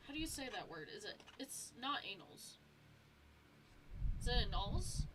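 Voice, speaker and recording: A woman's voice: a little high, big pitch swings, fast talker, noisy background. A young woman streaming a game, chatting casually with viewers and reading lore aloud, stumbling over words as she goes.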